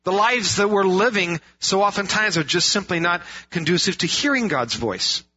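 A man's voice: high voice, expressive, normal speed, sharp tone, breathy edge. A man preaching a sermon in an earnest way, asking rhetorical questions and repeating phrases for emphasis. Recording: dull lo-fi sound.

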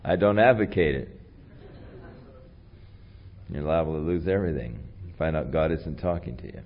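A man preaching a sermon in a conversational storytelling way, with a voice that carries and big rises in pitch and loudness. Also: moderate pace, highs cut off. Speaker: pastor.

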